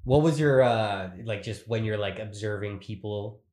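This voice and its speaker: A man's voice: lowish voice, normal speed, dark tone. A man hosting a podcast, asking casual questions with short prompts and frequent laughs. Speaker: podcast host. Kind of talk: casual interview.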